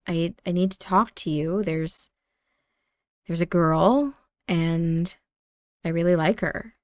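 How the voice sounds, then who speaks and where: A nervous teenage boy who stammers and hesitates, missing his father, as a woman puts him on. The voice sits low and soft, recorded dry and close with no room sound. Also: slow pace, no echo. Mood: anxious.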